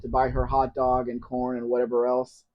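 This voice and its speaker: A man's voice: mid-range voice, completely flat delivery, moderate pace. A man hosting a casual live question-and-answer stream, blunt and teasing, with opinionated asides. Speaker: livestream host. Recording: dull lo-fi stream audio.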